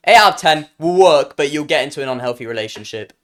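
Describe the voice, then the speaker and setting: A young man with a British accent, chatting live on stream with a light, higher-pitched voice. His tone swings widely as he jokes and teases his chat. He often stumbles and restarts mid-sentence. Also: animated, fast, a bit bright. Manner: joking, playful, trails off and restarts.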